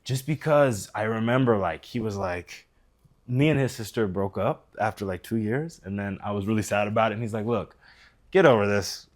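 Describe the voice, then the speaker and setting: A native English-speaking American man with a fairly low pitch talks at normal speed as a podcast guest. He tells a personal story casually and with animation, acting out the quoted lines.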